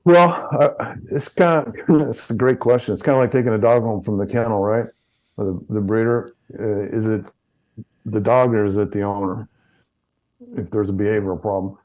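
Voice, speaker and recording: Mellow-voiced man telling stories. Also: fairly low pitch. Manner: anecdotal, repeats words, restarts sentences. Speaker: chiropractor guest. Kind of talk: interview conversation.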